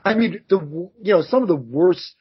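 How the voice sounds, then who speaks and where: A man co-hosting a podcast, recapping a TV show in casual, animated chat and acting out quotes with some swearing. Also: high-pitched, moderate pace, slightly rough. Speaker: podcast co-host. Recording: muffled lo-fi audio.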